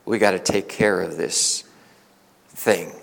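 A male pastor preaching a sermon, swinging from loud, emphatic peaks to hushed asides. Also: low voice, fairly even intonation, slow, gravelly. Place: church sanctuary. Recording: reverberant church hall.

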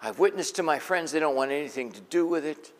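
A man's voice: fairly high pitch, animated, quick pace. A man preaching a sermon in a conversational, folksy way, asking the congregation questions. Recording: long echo of a large hall.

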